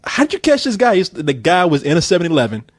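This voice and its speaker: A man telling a story in casual chat, animated and swearing freely, acting out the voices of the people in it. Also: fairly high pitch, quick pace, no echo, studio quality.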